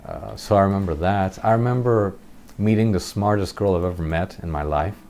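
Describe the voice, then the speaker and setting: A man's voice: deep voice, a little fast, darkish tone. A man telling a rambling childhood story while commentating gameplay, chuckling at himself now and then. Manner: rambling, chuckling, self-deprecating. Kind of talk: casual storytelling over gameplay.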